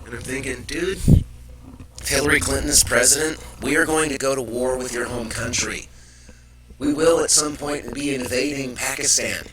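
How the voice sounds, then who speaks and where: A man's voice: mid-range voice, steady tone, moderate pace, a crowd in the background, rough recording. A man hosting a live show, ranting with profanity and irritation about the news. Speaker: host. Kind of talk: live political commentary.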